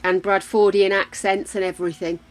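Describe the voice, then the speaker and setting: An English woman talking her way through a game stream, chatting with viewers and thinking aloud about what to click next. She laughs easily, and her voice sits at an ordinary middle pitch for a woman. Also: flat delivery, normal speed. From England. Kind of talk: casual chat while playing.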